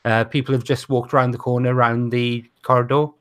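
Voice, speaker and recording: A man's voice: mid-range voice, little pitch movement, clean tone. Man running a tabletop game. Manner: casual, slightly halting. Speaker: game master.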